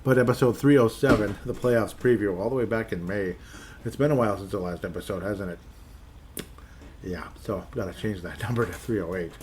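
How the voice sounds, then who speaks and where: A man's voice: fairly low pitch, normal speed, a little mellow. A man in his forties hosting a solo sports podcast, chatty and rambling, often correcting himself mid-sentence as he reads listener messages. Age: 40s. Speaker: podcast host. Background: faint background noise.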